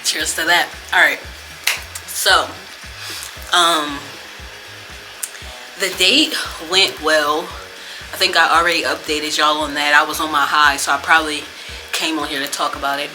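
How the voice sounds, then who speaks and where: A woman's voice: low voice, fairly even intonation, a little slow, long pauses, music in the background. A young woman vlogger talking casually and venting, with a lot of profanity and frustration.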